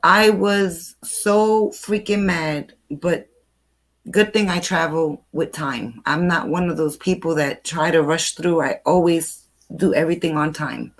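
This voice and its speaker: An older woman from New York hosts a casual chat, her low voice unhurried. She's chatty and tells stories with lots of animation.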